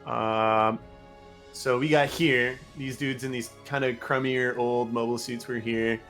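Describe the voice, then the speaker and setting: A man's voice: mid-range voice, fairly even intonation, measured pace, fairly bright tone, faint music behind. Rambling man recapping a game. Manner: rambling, filler-heavy recap. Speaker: player recapping the last session. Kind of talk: casual tabletop game chat.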